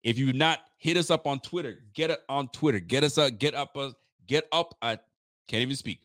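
A man's voice: mid-range voice, fairly quick, a bit bright, no echo, studio quality. A tired man hosting a live post-game reaction stream for a fan channel, hyped and rambling, trash-talking the rivals. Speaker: sports fan channel host.

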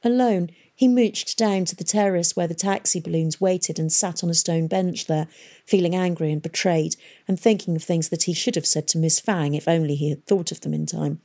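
Woman narrator, lowish mellow voice, even audiobook delivery. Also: normal speed. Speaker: audiobook reader. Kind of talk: scripted narration.

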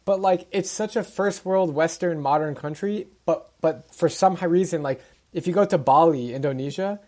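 A man's voice: fairly high pitch, normal speed, darkish tone. A man with an American accent hosting a podcast, asking questions in a friendly, enthusiastic way. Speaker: podcast host. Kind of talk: casual interview conversation.

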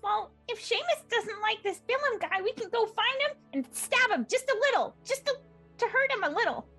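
A woman's voice: normal speed, faint music behind, heavily acted. A woman voicing a gleeful, violent female fairy, giggly and chirpy. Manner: giggly, high and lively.

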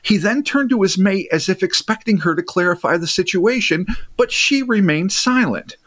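Man, podcast host, fairly high voice, animated, reads a story between jokes. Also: normal speed. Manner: animated, laughing, swears freely. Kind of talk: casual chat and story reading.

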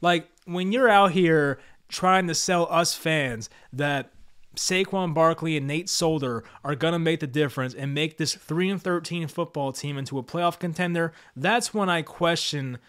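A man with a fairly high-pitched voice delivers opinionated sports commentary. He is blunt and frustrated, speaking straight to his viewers as the regular voice of his own channel. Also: a little slow, a bit bright. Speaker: sports commentator, Giants fan channel host. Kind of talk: opinionated scripted commentary to camera.

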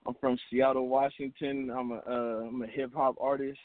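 A man's voice: medium pitch, flat delivery, moderate pace. A man calling in to a radio show as a hip hop artist guest, laid-back and polite, with many fillers. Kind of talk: phone-in interview. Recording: dry phone line.

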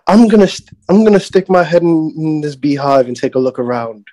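A man putting on an exuberant, reckless Australian wildlife TV host with an Australian accent, loud and gushing. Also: a little high, lively intonation, fairly quick, no room sound, close to an everyday voice. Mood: thrilled.

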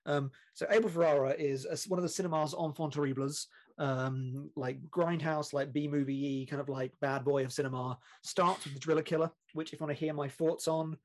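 Chatty British man, fairly high voice. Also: steady tone, brisk. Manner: chatty, rambling, laughs often, many fillers. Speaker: podcast co-host. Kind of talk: casual film podcast chat.

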